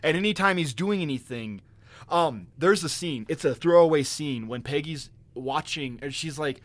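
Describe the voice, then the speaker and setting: Rambling, excitable podcast co-host man. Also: fairly high pitch, normal speed, no room sound. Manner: rambling, excitable, profane, laughing. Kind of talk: casual podcast chat.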